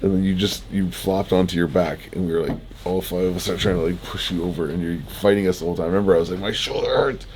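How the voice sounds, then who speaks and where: A young man with a notably low voice tells his story casually, laughing as he goes and peppering it with swearing and fillers. He sounds groggy, as if just out of surgery, with a faint hiss of background noise under him. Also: little pitch movement, fast talker, hardly any pauses, a little mellow. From Canada. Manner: laid-back, laughing often, swearing, rambling with many likes. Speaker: fitness vlogger. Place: hospital room.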